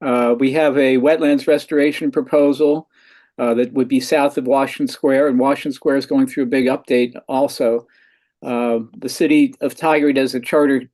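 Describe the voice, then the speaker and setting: A man giving his community group's update at a meeting as a brisk run through a list of items. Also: mid-range voice, a little mellow.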